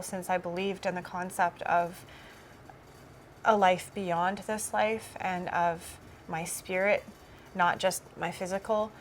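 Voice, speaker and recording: A woman's voice: on the low side, slight background noise. A woman cast member giving a personal testimony in an interview, telling her story in an earnest, reflective way.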